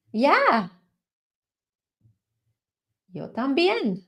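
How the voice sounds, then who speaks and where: Chatty woman on a relaxed livestream. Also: mid-range voice, moderate pace. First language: French. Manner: chatty, rambling, warm toward viewers. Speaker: tarot channel host. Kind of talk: casual livestream chat.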